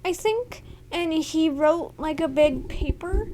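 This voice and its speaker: A woman's voice: sits high, lively intonation, slow, dark tone, slight background noise. A young woman co-hosting a casual podcast, rambling through playful stories with some swearing. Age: young adult. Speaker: podcast co-host. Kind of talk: casual chat.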